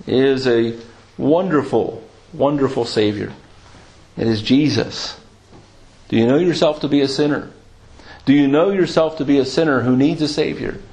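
A man's voice: medium pitch, a little mellow, rough recording. A man preaching a sermon, emphatic and full of rhetorical questions.

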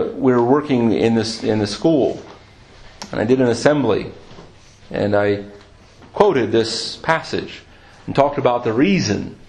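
A man's voice: mid-range voice, a little mellow, poor audio. A man preaching a sermon, emphatic and full of rhetorical questions.

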